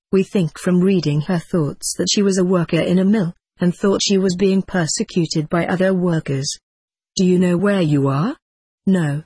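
Woman, audiobook reading, husky low voice, dry close sound, steady plain delivery. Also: dry recording. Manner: plain steady reading, reads punctuation and numbers aloud.

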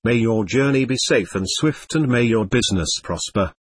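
A man's voice: mid-range voice, lively intonation, normal speed, slightly rough, no room sound. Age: very old. Figure: a man doing a dry, cracked ancient hermit. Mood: mild. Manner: mild, gentle rebuke. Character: ancient frail male hermit, mild and wise.

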